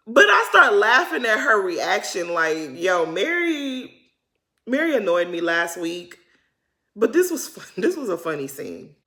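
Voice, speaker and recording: A woman's voice: medium pitch, big pitch swings, a little slow, fairly bright tone. A woman giving a casual, opinionated recap of a reality TV episode, talking in chatty slang and laughing often. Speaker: recap host.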